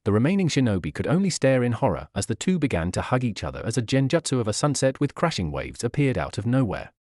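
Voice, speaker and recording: A man narrating a fan fiction story in a steady storytelling manner. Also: mid-range voice, quick pace, no room sound, studio quality.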